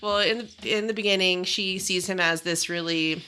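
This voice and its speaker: A woman's voice: lowish voice, fairly even intonation, normal speed, sharp tone, clear, resonant tone. A woman around thirty co-hosting a podcast, chatting casually about books, rambling with fillers and frequent laughs. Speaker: podcast co-host.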